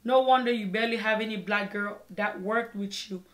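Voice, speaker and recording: A young woman vlogger telling a personal story in a casual, expressive way, acting out her own side of the conversations. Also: mid-range voice, normal speed. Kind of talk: storytime vlog. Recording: echoey room.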